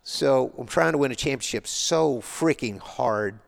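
A man's voice: mid-range voice, unhurried, creaky. An older man, a guest on an interview show, telling rambling, colloquial stories in a casual way. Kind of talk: casual storytelling.

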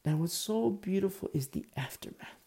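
A man preaching a sermon in an earnest, conversational way, sometimes dropping his voice low. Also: expressive, moderate pace, gravelly, mellow, slightly rough. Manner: earnest, conversational preaching, drops to a whisper at times. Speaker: pastor.

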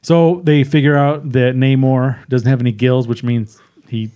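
A man's voice: mid-range voice, flat delivery, a little slow, mellow. A man co-hosting a casual podcast chat, rambling through a film recap and acting out characters' lines.

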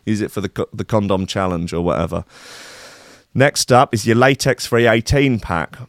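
A man's voice: lowish voice, dry recording, studio quality. A man hosting a radio show with cheeky, mocking comic chat. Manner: cheeky, mocking, hurried with asides.

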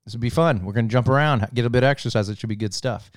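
A middle-aged man, chatting casually and telling an animated story, swearing freely and laughing as he goes. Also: mid-range voice, very fast, no echo, clean studio sound. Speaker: podcast co-host telling a story. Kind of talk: casual chat.

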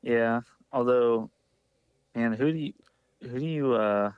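A man co-hosting a casual movie podcast, relaxed, with short replies and casual swearing. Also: mid-range voice, slow pace, clear, resonant tone, dry recording, phone-quality sound. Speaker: podcast co-host. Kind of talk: casual movie review chat.

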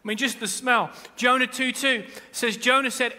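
A man preaching a sermon as pastor, animated, jumping between quiet asides and shouted appeals, with humorous asides. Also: extremely high pitch, moderate pace, few pauses. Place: large church hall. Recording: long reverb of a church hall.

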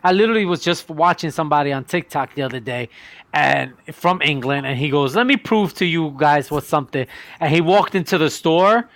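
A woman's voice: low voice, brisk, no echo. A woman hosting an internet radio talk show, chatting and joking playfully with her co-hosts. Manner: animated, laughing, playful. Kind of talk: casual group banter.

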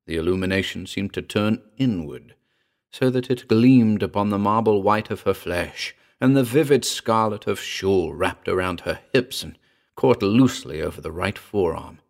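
A man narrating a ghost story in a measured, dramatic reading. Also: on the low side. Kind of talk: scripted audiobook narration.

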